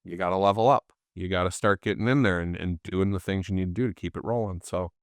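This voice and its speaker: A man with a fairly low voice speaks as the guest in a relaxed interview. He tells stories with animation and puts on the voices of the people he quotes. The sound is dry and close, with no room echo. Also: quick pace. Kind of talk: casual interview storytelling.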